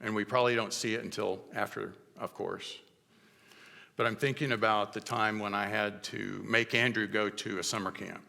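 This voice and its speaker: A middle-aged man preaching a sermon as pastor, telling stories in a conversational way with halting restarts. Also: on the low side, steady tone, gravelly, pushed and bright, big-room sound. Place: church sanctuary.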